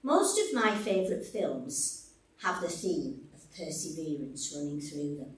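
A woman preaching a sermon in a church hall, slow and deliberate, warmly expressive. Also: lowish voice, recorded from a distance. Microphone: stage microphone.

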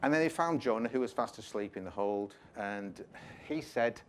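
A man's voice: mid-range voice, expressive, normal speed, hardly any pauses, slight background noise. A man giving an informal, jokey sermon, retelling a Bible story with chatty asides. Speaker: preacher.

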